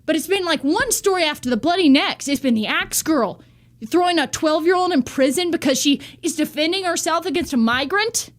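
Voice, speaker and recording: A woman's voice: high-pitched, animated, a little fast. A woman delivering a heated, profane rant to camera in a vlog monologue. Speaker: vlogger.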